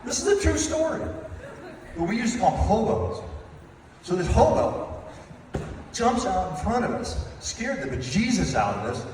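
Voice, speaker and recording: This father of the bride, a man in his fifties, speaks high with huge pitch swings at a normal pace, his tone a little mellow. His toast is playful and teasing, a comic wedding story complete with acted-out voices. Sound comes from a distant mic in an echoey reception hall with room noise.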